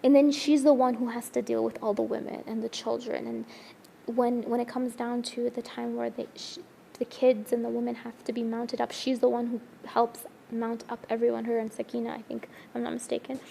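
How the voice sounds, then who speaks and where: A woman's voice: a little high, flat delivery, a little fast, gravelly, dark tone, slight background noise. A woman telling a religious story in an earnest, emotional way during a discussion, often restarting her sentences.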